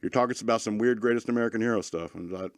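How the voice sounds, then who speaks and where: A man's voice: lowish voice, rapid-fire, no room sound, clean studio sound, natural voice. A man voicing a condescending tech company that sarcastically nags him. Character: nagging know-it-all tech company voice.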